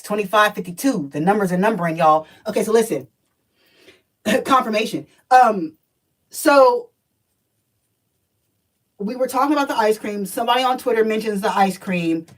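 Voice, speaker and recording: A woman telling a personal story on a livestream, animated and profane, talking straight to her viewers. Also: fairly high pitch, far from the mic, poor audio.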